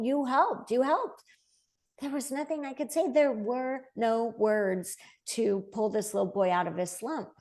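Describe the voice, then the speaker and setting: Animated storytelling woman with vocal fry. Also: medium pitch. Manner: animated, quotes voices as she tells stories, laughs lightly. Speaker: medium, interview guest. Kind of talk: conversational storytelling.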